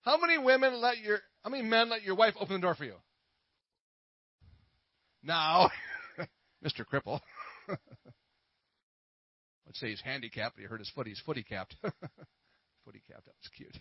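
Lively joking preacher man, dull dry sound. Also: fairly high pitch, no room sound. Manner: playful, corny jokes and laughs at his own puns. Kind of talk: joking sermon with prayer.

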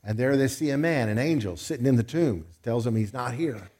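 A man's voice: mid-range voice, expressive, fairly quick, a little mellow, husky. A man preaching a sermon in a conversational way, acting out quoted voices as he goes.

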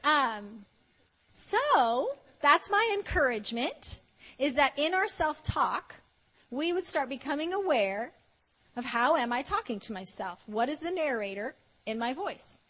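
With very animated energy but no hurry, a woman gives a playful conference sermon, acting out short dialogues and laughing as she goes. Her voice sits high and sounds bright and forceful, carried by the long reverb of the conference hall.

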